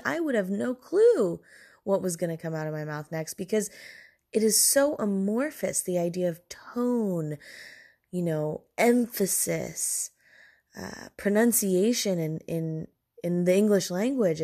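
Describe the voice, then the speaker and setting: A woman's voice: medium pitch, a little mellow. A woman hosting a solo podcast alone in her room late at night, rambling and self-deprecating as she drifts off on tangents.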